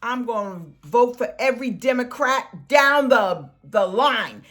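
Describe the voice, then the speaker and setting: A woman delivering an impassioned, scolding political rant in a vlog, preaching and swinging between soft and loud. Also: on the high side, lively intonation, measured pace, few pauses. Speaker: political commentary vlogger.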